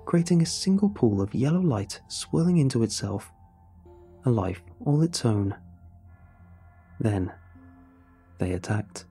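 A man tells a horror story in the first person, in a dark, mellow voice with a husky edge. His pitch sits on the low side. Faint music plays underneath. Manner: dramatic storytelling, voices the characters. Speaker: narrator.

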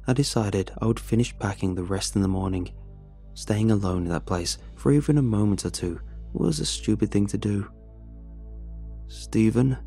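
A man telling a horror story in first person, in a measured and grim scripted narration. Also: on the low side, creaky, warm tone. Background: faint music.

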